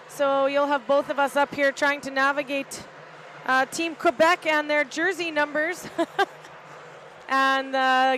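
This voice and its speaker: Woman, middle-aged, high voice, amateur sports commentary, hesitant fillers, arena balcony, faint crowd noise. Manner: relaxed, chatty, hesitant with fillers. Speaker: volunteer play-by-play commentator, team parent. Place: arena balcony overlooking ice rink.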